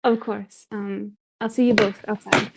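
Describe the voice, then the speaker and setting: A woman's voice: medium pitch, flat delivery, measured pace, vocal fry, slight background noise, low-quality recording. A woman voicing a nervous but wry young princess.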